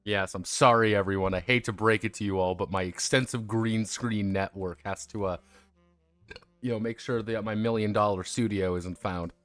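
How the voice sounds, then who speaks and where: A man's voice: lowish voice, steady tone, normal speed, fairly bright tone, clean tone, dry recording, soft background music. A man casually chatting on a livestream about tabletop role-playing games, rambling and self-mocking with frequent restarts. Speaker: streamer discussing tabletop games.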